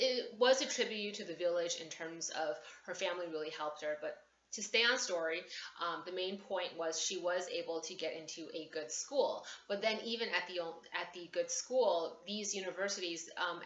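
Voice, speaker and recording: A woman with a low-set but bright, ringing voice talks casually through a lesson, wandering into asides and correcting herself as she goes. Her voice sits in a roomy space, with a slightly dull, muffled tone and a faint hiss underneath. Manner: chatty and digressive, with frequent asides and self-corrections. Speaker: course instructor. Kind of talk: casual teaching talk to camera.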